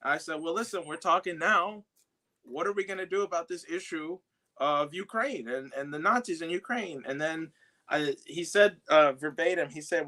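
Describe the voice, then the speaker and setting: Bright-voiced man telling a story. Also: on the high side, moderate pace. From South Bronx, New York. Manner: storytelling with many fillers and restarts. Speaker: guest, activist who confronted a congressman. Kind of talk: casual podcast chat.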